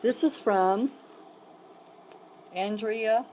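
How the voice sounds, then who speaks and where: Very slowly and in a highish, somewhat dark voice, a Southern American woman who works at a cat sanctuary leads a relaxed filmed tour, cooing at the cats. The sound is lo-fi with a little hiss or hum.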